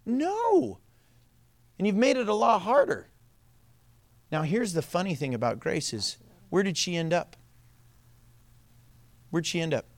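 A man's voice: sits high, big pitch swings, measured pace, long pauses, no echo. A man preaching a sermon as pastor, telling stories animatedly and laughing often.

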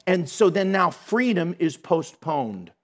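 A middle-aged man giving a storytelling sermon in a lively, conversational way, laughing at himself. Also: high-pitched, slow. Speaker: Christian speaker.

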